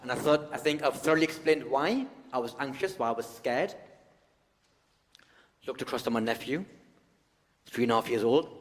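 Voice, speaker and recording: A man from the UK doing a stand-up routine, animated, often breaking into high-pitched shouted rants. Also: big-room sound. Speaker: stand-up comedian.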